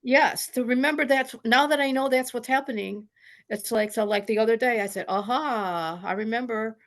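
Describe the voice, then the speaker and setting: A woman's voice: on the high side, normal speed, a bit bright. A woman sharing a personal story in an online group, earnest and rambling, with many restarts. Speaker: study group participant. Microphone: video call.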